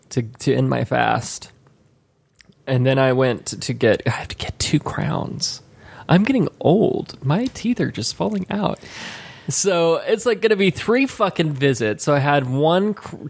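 A middle-aged podcast co-host with a fairly high, creaky voice chats casually. He's a profane, rambling storyteller who swears plenty as his stories wander.

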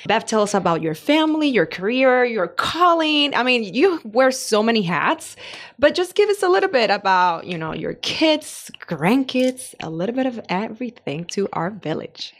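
A woman's voice: fairly high pitch, very animated, normal speed. A woman hosting a podcast, greeting listeners and introducing a guest in an enthusiastic way. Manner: upbeat, enthusiastic. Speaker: podcast host. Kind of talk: casual chat.

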